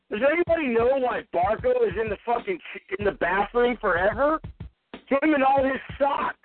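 Ranting man on a tinny line. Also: high-pitched. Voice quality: heavy swearing, combative. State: drinking. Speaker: live stream radio host. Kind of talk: profane angry rant. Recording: tinny phone-like line, faint music.

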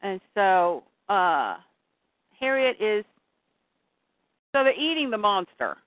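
A woman's voice: mid-range voice, very animated, slow, no echo. A woman co-hosting a comic podcast, casually retelling a comic's plot in a chatty way, with lots of filler words. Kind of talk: casual chat, recapping a comic. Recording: dry tinny phone-like sound.

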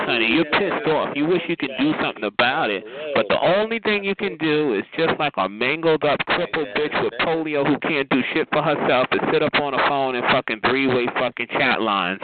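A man's voice: mid-range voice, animated, moderate pace, hardly any pauses. Sassy trash-talking man on a phone line. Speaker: chat line caller. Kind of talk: heated phone chat. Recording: tinny noisy phone line.

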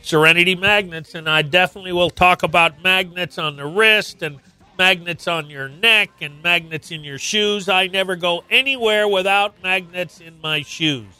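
A man's voice: high voice, normal speed, bright, forceful tone, clear, resonant tone, soft background music. A man hosting a radio show, talking casually and chattily with many fillers. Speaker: radio host.

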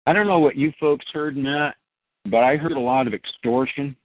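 A man's voice: mid-range voice, moderate pace, dry recording. Emphatic man on a tinny phone line. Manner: emphatic, addresses listeners as folks. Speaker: host. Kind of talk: casual talk-show commentary.

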